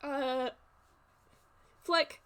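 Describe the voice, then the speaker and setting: A woman running a tabletop game as game master, relaxed and full of fillers. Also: sits high, extremely slow. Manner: laid-back, filler-heavy.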